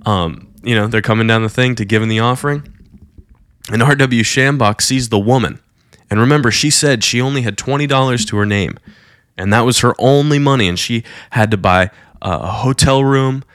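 Guy telling a miracle story sermon style, gets high and excited doing quotes, dry sound. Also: moderate pace, clear, resonant tone, no echo. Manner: animated, rising high when quoting the preacher's vision.

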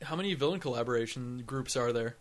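A man's voice: medium pitch, fast. A man in casual chat, asking questions and joking.

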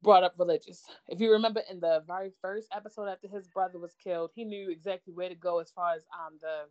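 Woman, animated, expressive, casual show chat, slightly muffled sound. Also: lowish voice, quick pace. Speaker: show reviewer.

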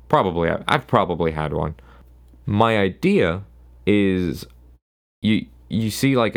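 Gravelly-voiced man rambling on a podcast. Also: on the low side. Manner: rambling, sarcastic, self-interrupting. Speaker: podcast host. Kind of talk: casual solo podcast monologue.

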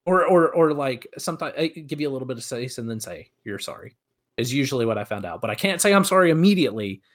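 Young man, mid-pitched, hesitant, restarts his sentences, casual. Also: lively intonation. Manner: halting, restarts often, trails off softly. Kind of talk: casual chat.

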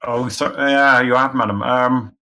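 A man's voice: medium pitch, steady tone, measured pace, pushed and bright. A man voicing a humble male trader who bargains politely to feed his family. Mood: bargaining. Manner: deferential, wheedling, calls others madam.

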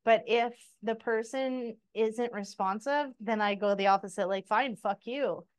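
A woman co-hosting a podcast tells stories in a candid, animated way. She swears freely and laughs along with her own stories. Her voice sits a little high. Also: normal speed, clean tone. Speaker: podcast co-host. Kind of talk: casual chat.

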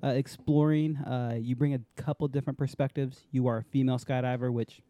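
A man with a mellow, darker tone hosts a loose podcast chat. He jokes around and laughs easily. The sound is close and dry. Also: medium pitch, little pitch movement, brisk, dry recording, muffled recording. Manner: loose, joking, laughs often. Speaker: podcast host.

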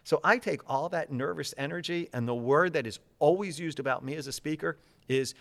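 Energetic fast-talking man. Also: mid-range voice. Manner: enthusiastic, fast, animated, repeats words. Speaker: public speaking coach. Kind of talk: energetic interview talk.

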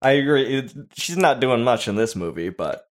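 A man leads a relaxed movie discussion on a podcast, breaking into laughter between his points. His voice sits in an ordinary middle range. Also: mid-range voice, normal speed. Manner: laughs often, animated storytelling. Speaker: podcast host.

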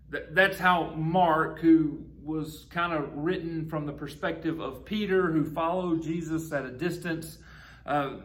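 Pastor, male, fairly high voice, slow and deliberate sermon delivery, leans on repeated phrases.

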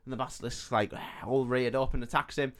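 A man co-hosting a comedy podcast, breezy and profane as he retells a film scene by scene. His voice sits at an everyday middle pitch. He slips into silly voices for the characters and laughs often. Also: steady tone, brisk. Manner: sweary, laughing, acts out characters in jokey voices. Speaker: podcast co-host. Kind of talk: casual comedic film recap.

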